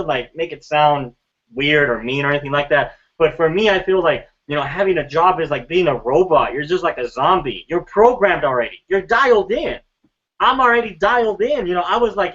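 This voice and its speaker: A man's voice: fairly high pitch, sharp tone. Earnest man giving a motivational talk. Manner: earnest, repetitive, rhetorical questions. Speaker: mastermind group member. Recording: dull lo-fi sound.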